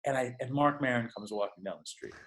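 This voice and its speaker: A man's voice: mid-range voice, fast. Rambling, profane male storyteller. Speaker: podcast guest. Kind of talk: casual storytelling.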